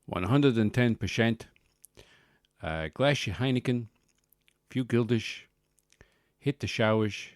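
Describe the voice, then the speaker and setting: A man's voice: lowish voice, steady tone, measured pace, few pauses, darkish tone, clean tone, no echo, clean studio sound, lightly acted. A man putting on a cocky football manager speaking broken English with an exaggerated Dutch-style accent, listing football clichés. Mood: rambling.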